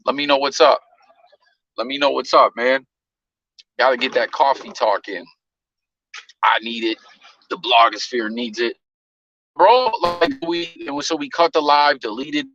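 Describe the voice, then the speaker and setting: A man's voice: medium pitch, normal speed, long pauses, pushed and bright, muffled recording. A man hosting a casual live stream, telling stories loosely with slang and profanity.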